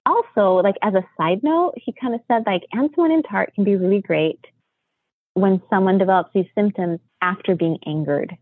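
A middle-aged woman from the United States tells a story with animated energy and acts out what people said. Her voice comes through dry and narrow, like a phone line. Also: mid-range voice, moderate pace, no room sound. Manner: animated, acts out quotes with laughs. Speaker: podcast guest. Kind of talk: storytelling interview chat.

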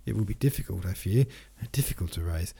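A man's voice: deep voice, expressive, fairly quick, gravelly, mellow, slightly rough, heavily acted. A man reading an audiobook, voicing a flustered old nobleman father. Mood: muttering.

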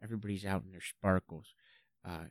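Deadpan low-voiced male comedy host. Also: a little fast, no room sound, clean studio sound. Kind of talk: absurdist comedy radio chat.

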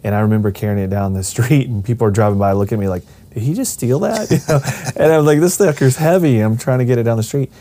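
Mellow-voiced man telling a family story. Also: fairly low pitch, rapid-fire, hardly any pauses. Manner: acts out quoted voices, rambling with many restarts. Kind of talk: casual personal storytelling.

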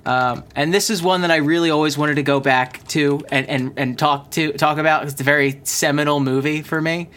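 A man's voice: on the high side, steady tone, normal speed, hardly any pauses, fairly bright tone. A man hosting a casual movie podcast, rambling and interrupting himself, laughing often. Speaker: podcast host. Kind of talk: casual chat.

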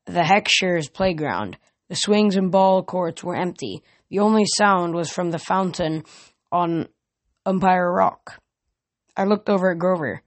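A young man reading a novel aloud as an amateur reader, plain delivery with small slips and restarts. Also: high-pitched.

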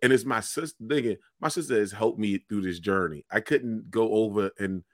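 A man who is a stand-up comedian, telling stories in casual podcast chat, animated and swearing freely, often breaking into laughter. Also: fairly low pitch, normal speed, dry recording, clean studio sound.

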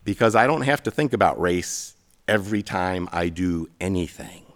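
A man's voice: deep voice, lively intonation, moderate pace. Man preaching a storytelling sermon. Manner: storytelling, self-deprecating humor. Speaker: pastor.

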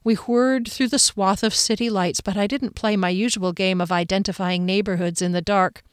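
A woman's voice: mid-range voice, steady tone, moderate pace, clean tone, no echo, studio quality. A woman reading a first-person audiobook in a conversational, wry storytelling manner. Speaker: audiobook narrator.

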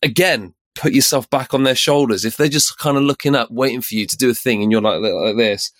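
A man's voice: mid-range voice, a little fast, a bit bright, dry recording, studio quality. A man, a podcast co-host, talking earnestly and reflectively about parenting in casual conversation.

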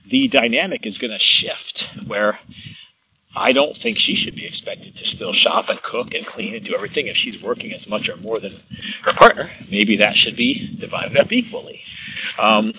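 A man's voice: medium pitch, sharp tone, husky, low-quality recording. A man who works as a massage therapist, talking in a casual, rambling monologue and illustrating his points with examples and stories.

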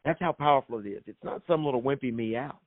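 A man's voice: medium pitch, fast, dry recording. Emphatic preaching man, tinny sound. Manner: emphatic, preacherly, repeats phrases for effect. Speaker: author and minister. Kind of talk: guest telling a faith story in a preaching tone. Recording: thin phone-like sound, dry.

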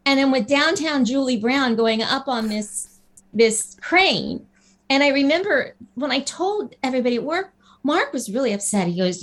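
A woman guest telling a lively anecdote in a casual interview, acting out the people she quotes. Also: sits high, normal speed. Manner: animated storyteller, acts out quotes. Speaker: guest actress.

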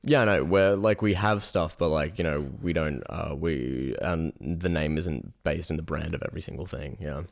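A man's voice: a bass voice, moderate pace, vocal fry, few pauses. A young man co-hosting a podcast in casual chat, laid-back, swearing and laughing often. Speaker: podcast co-host.

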